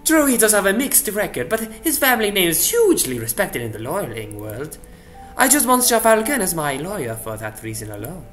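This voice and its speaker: Man voicing a sly, formal fox investigator for a game playthrough, bright voice. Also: high voice, sing-song, a little fast, faint music behind, voice pushed up. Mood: scheming. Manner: sly, formal, drops French courtesies. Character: smooth male fox private investigator.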